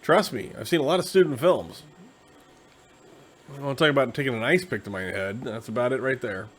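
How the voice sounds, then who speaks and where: A tired man hosting a casual, rambling explanation of a tabletop game class, slipping into quick acted asides. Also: mid-range voice, a little hiss or hum. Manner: conversational, acts out quick quoted asides. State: tired, yawning.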